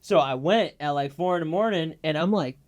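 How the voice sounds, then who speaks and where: A man's voice: on the high side, fairly quick, lo-fi sound. A young man in a casual interview, telling a story in a laid-back, slangy way with lots of fillers. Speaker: guest.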